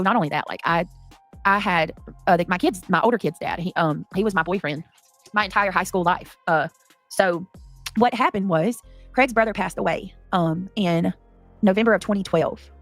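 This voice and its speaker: Fast-talking woman rambling on a livestream. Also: fairly low pitch, a bit bright, faint music behind. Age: 30s. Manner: rambling, reacts to chat mid-story, cussing. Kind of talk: casual livestream chat.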